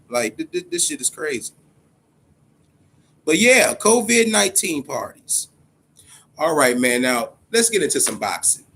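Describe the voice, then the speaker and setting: A man's voice: a little high, a bit bright. A man hosting a casual boxing livestream, talking loosely and profanely and greeting viewers in the chat by name. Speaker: boxing podcast host.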